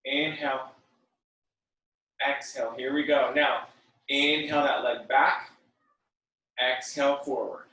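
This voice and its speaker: Echoey, slow-paced male workout instructor. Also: mid-range voice. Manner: calm breath cues mixed with chatty, joking asides. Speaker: fitness and yoga instructor. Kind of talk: guided workout class. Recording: very echoey room, mic at a distance.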